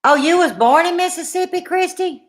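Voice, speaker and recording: A woman's voice: very high voice, moderate pace. A middle-aged woman with a Louisiana Southern accent, co-hosting a casual live chat in a folksy, teasing, chatty way. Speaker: co-host of a live cooking chat stream.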